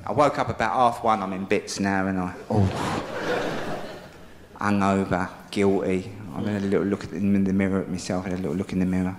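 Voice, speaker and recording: A man's voice: deep voice, steady tone, a little fast, background noise. A man doing live stand-up storytelling, cheekily acting out his own drunk self-talk. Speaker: stand-up comedian. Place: live comedy venue, played from archive. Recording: roomy live venue with loud crowd laughter.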